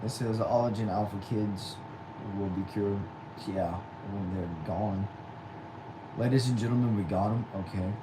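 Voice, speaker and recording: Young guy on a home livestream, lowish voice, reads chat and answers wryly, steady air-conditioner hiss. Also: measured pace. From Texas. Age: 20s. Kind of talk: casual livestream chat reading comments. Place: small back room at home.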